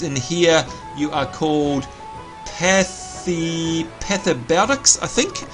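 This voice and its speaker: Playing a video game live, this man keeps up casual chatter, reads viewer comments aloud and hands out shout-outs, getting excitable in bursts as the game goes on. His pitch is fairly high.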